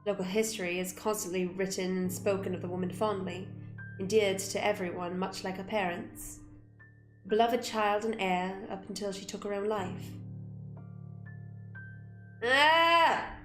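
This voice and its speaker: A woman gamer reading a visual novel aloud with expressive delivery and blunt, swearing asides. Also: medium pitch, normal speed. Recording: roomy room with music behind.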